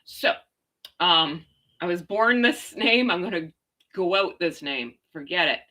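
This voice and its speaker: A woman's voice: lowish voice, animated, a little slow, bright, forceful tone. A woman hosting a casual gossip livestream, reading out viewer comments and ranting sarcastically. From Canada. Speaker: royal gossip livestream host.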